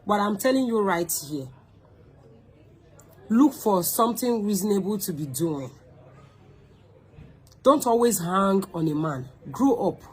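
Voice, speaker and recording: A woman's voice: medium pitch, husky, poor audio. A woman with a Nigerian accent, hosting her own online show, delivering a scolding, confrontational rant straight to the camera, mixing pidgin into her English and repeating phrases for emphasis.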